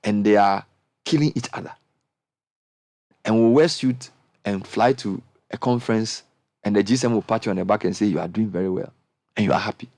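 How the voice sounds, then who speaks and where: A middle-aged man with a Ghanaian accent, hosting a radio panel discussion and speaking with impassioned, animated energy that climbs into high exclamations. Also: fairly quick, pauses often, no echo. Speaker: radio show host.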